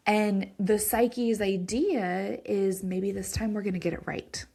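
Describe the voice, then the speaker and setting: A woman in her thirties, a psychologist hosting her own show, talking casually and explaining ideas with an animated, conversational manner. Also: medium pitch, slow pace, vocal fry. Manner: conversational, animated, frequent "like" and "right?". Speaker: psychologist podcast host. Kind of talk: casual educational monologue.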